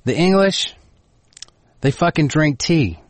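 A Texan man with a southern drawl, talking loosely and swearing as he riffs on a podcast. His voice sits a touch high for a man. The room is dry with no echo. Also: animated, slow. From Texas. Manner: profane, laid-back, opinionated. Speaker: podcast co-host. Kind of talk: casual podcast banter.

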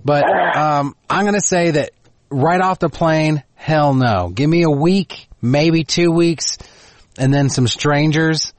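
A man's voice: fairly high pitch, slow, dry recording. A man from Texas with a southern drawl, chatting on a podcast in a laid-back, profane and opinionated way. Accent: Texan southern drawl. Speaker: podcast co-host. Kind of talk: casual podcast banter.

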